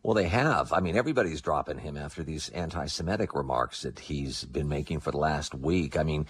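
A man working as a news correspondent, reporting live over the phone in a conversational, halting way with fillers and repeats. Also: rumbling low, slight background noise. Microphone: telephone. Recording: tinny phone line.

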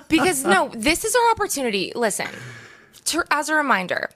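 A woman's voice: high voice, normal speed, no echo. Podcast co-host, woman, gushing and chatty, recorded in a dry room. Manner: gushing, animated, swears casually. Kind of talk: casual chat.

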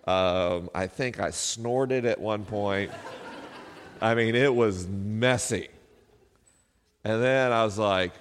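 A middle-aged man, a podcast host, telling a personal story live to an audience, self-deprecating and laughing often. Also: lowish voice. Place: live venue. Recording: live hall with long reverb.

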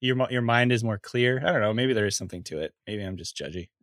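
A man co-hosts a podcast in easygoing chat. He laughs readily and muses aloud with hesitant restarts. His voice is bright and animated, and the recording is dry and close. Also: lowish voice, fast, dry recording. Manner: laughs easily, hesitant, musing. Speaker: podcast co-host. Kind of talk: casual chat.

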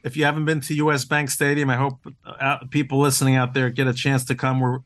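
A team owner appears as a podcast guest in a casual interview, his male voice mid-range, fairly bright, and quick, with little pitch movement. He comes across as eager and earnest, stumbling through many "uh" fillers and restarts. No echo is heard.

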